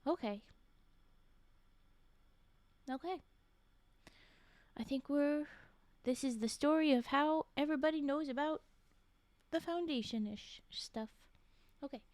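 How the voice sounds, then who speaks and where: A woman's voice: high-pitched, takes it slowly, long pauses, a little mellow, dry recording. A woman streamer reading spooky stories aloud, often breaking off to chat, laugh and whisper asides. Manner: chatty, reads aloud and breaks off to react and answer chat. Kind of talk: casual live-stream story reading.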